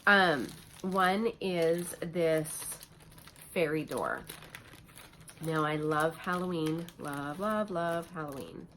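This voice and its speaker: A woman's voice: low voice, animated, slow, fairly bright tone, slight background noise. A woman craft vlogger chatting casually at home, gushing and chatty with lots of fillers. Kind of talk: casual show-and-tell chat.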